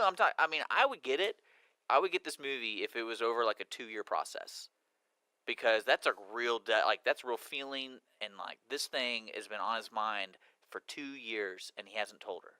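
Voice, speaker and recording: A young man co-hosting a movie review chat, his voice bright and clear. He retells scenes with animation and slips into little acted-out lines as he goes. The sound is dry and close, with no room around it. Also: medium pitch, normal speed, no room sound, poor audio. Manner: animated, acts out dialogue while retelling scenes. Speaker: podcast co-host.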